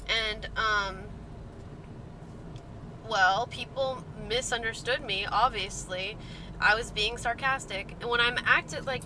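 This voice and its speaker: A woman's voice: a little high, takes it slowly, noisy background. A woman vlogging casually from a car, annoyed and exasperated, with sarcastic asides. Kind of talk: casual vlog rant.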